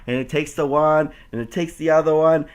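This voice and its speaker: A man's voice: on the high side, vocal fry, noisy background. A man hosting a casual chat, telling a funny story and mimicking baby talk to a dog. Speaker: host.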